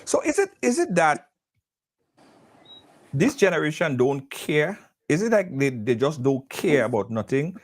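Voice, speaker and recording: A man's voice: fairly high pitch, big pitch swings, unhurried. A man hosting a call-in talk show, heatedly ranting. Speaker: radio show host.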